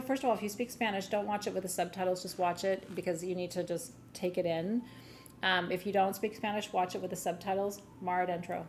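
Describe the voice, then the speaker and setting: A woman hosts a live sale stream in a loose, gushing way and swears now and then. Her voice sits a little low and has a gravelly fry to it. A faint hiss of noise runs underneath. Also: steady tone, a little fast. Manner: gushing, chatty, swears, laughs easily. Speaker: host of a live gem sale. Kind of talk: casual live-stream chat.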